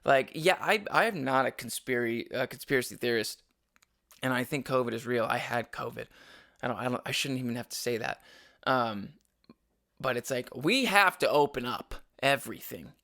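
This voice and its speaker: A man's voice: medium pitch, expressive, normal speed, pushed and bright. A young adult man hosting a casual solo podcast, rambling and opinionated with frequent restarts. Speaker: podcast host.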